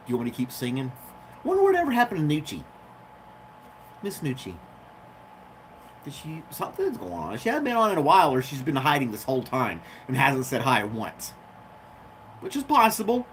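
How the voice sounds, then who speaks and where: A nasal, somewhat tired man thinks out loud in a relaxed home livestream, his pitch rising and falling a lot as he wanders from one thought to the next. He talks from his living room couch straight into a phone, with a faint background hiss underneath. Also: normal speed, pauses often. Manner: rambling, musing aloud. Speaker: channel host. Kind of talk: casual livestream chat. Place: living room at home, seated on a love seat.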